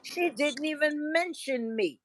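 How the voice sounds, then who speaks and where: Lady mocking some whiny petty guy, high and loud, dragging out every word. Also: expressive, very noisy. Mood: aggrieved whining. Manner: high, loud, drawn-out complaining. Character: whiny indignant grown man, petty and aggrieved.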